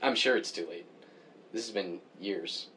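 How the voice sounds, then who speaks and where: A man with a fairly low voice, talking casually and opinionated as he complains about things that bug him. He gets animated and his pitch jumps up when he is worked up. A faint hum of background noise sits under his voice. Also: a little slow. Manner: opinionated, grumbling about pet peeves. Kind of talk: casual chat.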